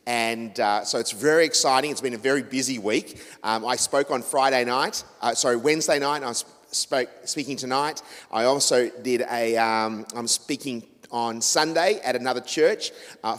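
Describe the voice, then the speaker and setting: A man's voice: medium pitch, fairly bright tone. An Australian man talks informally to a church audience in a mid-range voice. He rambles and restarts his sentences, correcting himself as he goes. His words ring out in a long church-hall reverb. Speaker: radio host and speaker.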